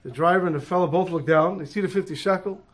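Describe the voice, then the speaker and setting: Man, storyteller, animated, high voice, moral tale, Hebrew and Yiddish terms. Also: fast.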